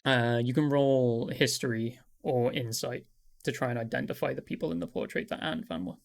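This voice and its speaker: A man narrating a tabletop game as game master, describing scenes in a relaxed way with many fillers. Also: mid-range voice, fairly quick, vocal fry.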